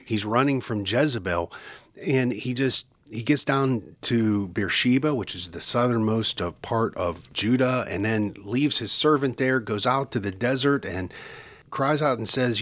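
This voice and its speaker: Slow-speaking earnest male co-host. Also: lowish voice, fairly bright tone. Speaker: podcast co-host. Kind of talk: devotional teaching.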